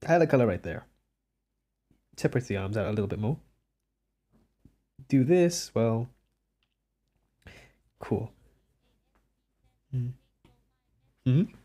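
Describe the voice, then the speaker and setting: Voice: mid-range voice, lively intonation, slow, long pauses, mellow. A young adult streamer chatting casually with live chat while drawing, rambling and often breaking into giggles. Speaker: livestreamer.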